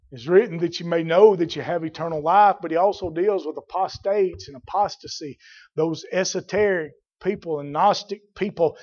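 A man with a fairly high voice preaches in a drawl. He swings from low, plain talk to loud, shouted fervor, using folksy turns of phrase. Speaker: pastor. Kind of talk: sermon.

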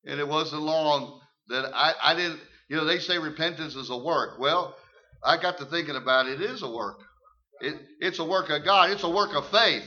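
An older man preaching his testimony in church, emphatic and folksy, repeating words and swinging from hushed tones to loud shouts. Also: fairly high pitch, moderate pace. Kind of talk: sermon testimony. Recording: muffled lo-fi recording.

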